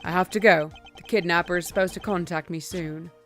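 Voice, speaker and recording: A woman voicing a cool, formal male prosecutor, reading game dialogue aloud in a lowered, restrained way. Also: fairly even intonation, a little fast, a bit bright, faint music behind. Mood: composed.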